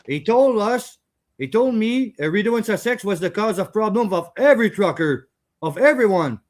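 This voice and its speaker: High-voiced male host, furious and foul-mouthed, broken grammar. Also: lively intonation, moderate pace. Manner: angry, profane, broken grammar. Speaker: channel host. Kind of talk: casual rant.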